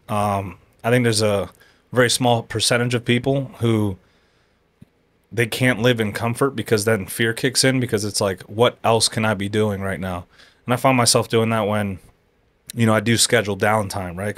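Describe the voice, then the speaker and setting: A man's voice: lowish voice, steady tone, normal speed, a bit bright. Reflective man in casual podcast talk. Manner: reflective, conversational, frequent "like" and "right". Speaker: podcast guest.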